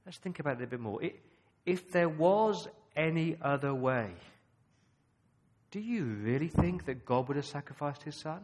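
An Australian man preaching a sermon, emphatic and full of rhetorical questions, with dramatic pauses. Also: a little high, expressive, darkish tone.

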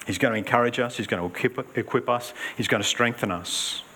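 A man preaching a sermon in an earnest, emphatic way, swinging between raised urgency and hushed emphasis. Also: medium pitch, a little fast, slight background noise.

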